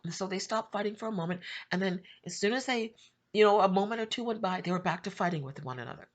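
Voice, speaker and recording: A middle-aged woman giving an emotional personal testimony for her channel, repeating herself and rising to high pleading cries. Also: expressive, quick pace. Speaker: Christian YouTube prophetic channel host.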